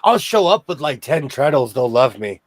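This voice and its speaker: A man's voice: mid-range voice, very animated, moderate pace, dry recording. A man hosting a casual sewing chat, jokey and chatty, laughing often. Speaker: host of a sewing chat show.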